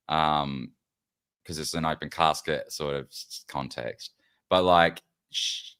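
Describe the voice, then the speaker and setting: Low-voiced man, crisp bright tone, earnest and emphatic, casual podcast talk. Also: no echo. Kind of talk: casual chat.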